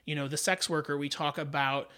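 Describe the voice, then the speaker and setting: A man's voice: a little high, fairly even intonation, brisk, bright, forceful tone, clear, resonant tone. A man co-hosting a casual podcast, talking earnestly and reflectively, laughing often. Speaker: podcast co-host. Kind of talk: casual chat.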